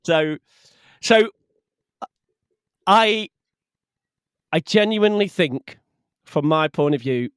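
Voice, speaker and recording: A man, a podcast guest in casual chat, lively and quick to laugh. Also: fairly high pitch, clean tone, dry recording, studio quality.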